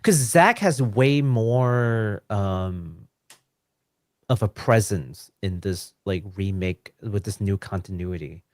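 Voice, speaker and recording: A man co-hosting a casual video game podcast, laughing often and chiming in with quick agreement. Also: lowish voice, animated, a little mellow, no room sound. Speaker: podcast co-host.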